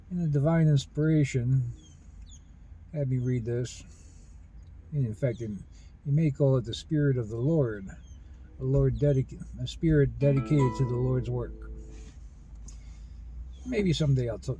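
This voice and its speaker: A man talking in a rambling personal monologue about spiritual ideas, earnest and halting, with many restarts. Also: medium pitch, dark tone, slight background noise, poor audio. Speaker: spiritual video host.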